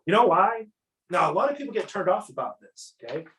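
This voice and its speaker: Energetic man coaching salespeople, echoey room. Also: sits high, brisk. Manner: energetic, acts out customer dialogues. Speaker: sales trainer. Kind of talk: casual sales coaching talk.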